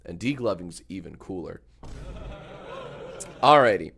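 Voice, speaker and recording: A man's voice: deep voice, expressive, unhurried, creaky, a bit bright. A man chatting casually on a livestream, joking and riffing on messages from chat. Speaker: streamer.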